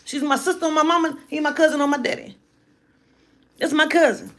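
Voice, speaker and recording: Animated, profane woman storyteller. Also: sits high, fairly quick. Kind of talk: casual storytelling monologue.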